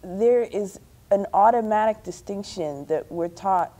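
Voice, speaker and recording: A woman's voice: medium pitch, measured pace. A woman from Somalia with a British accent, telling a personal story reflectively on a community panel. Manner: reflective storytelling, animated when quoting others. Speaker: panel speaker.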